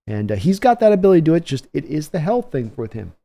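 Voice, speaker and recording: A man's voice: fairly high pitch, sing-song, fast talker, vocal fry, mellow. A man hosting a live stream, giving casual play-by-play commentary and chatting with viewers between plays. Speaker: livestream host giving play-by-play reaction.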